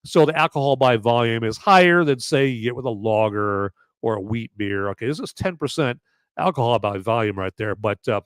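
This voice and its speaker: Man, podcast host, casual review, rambling, filler-heavy, middle pitch, dry close sound. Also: fairly quick, smooth, dry recording. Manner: rambling with many fillers and okays. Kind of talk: casual movie and beer review.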